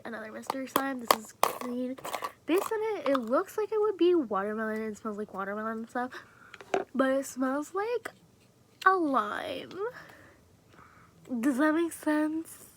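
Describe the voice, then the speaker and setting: A woman with a high voice talks loosely to her camera while showing off her fidget toys. She rambles, swears freely and often sinks to a soft whisper mid-sentence. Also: expressive, moderate pace, noisy background. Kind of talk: casual chat to camera.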